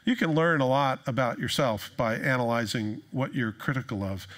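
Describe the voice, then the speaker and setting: A male pastor preaching in a conversational, joking manner with animated storytelling. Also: mid-range voice, normal speed. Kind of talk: sermon.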